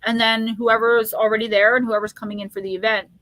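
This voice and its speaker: Bright chatty woman hosting a livestream. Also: fairly high pitch, flat delivery, quick pace, no room sound. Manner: chatty, laughs often, talks straight to viewers. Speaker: psychic livestream host. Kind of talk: casual live chat.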